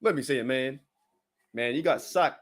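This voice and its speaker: Hosting a fan watch party, an excitable Australian-accented man gives casual commentary on the game, cheering and groaning at every play. He speaks at a moderate pace in a mid-range voice.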